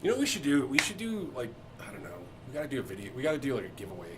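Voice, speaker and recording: A man's voice: mid-range voice, wildly swooping pitch, very fast, noisy background. A man co-hosting a casual podcast, joking and rambling and laughing often. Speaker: co-host. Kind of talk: casual chat.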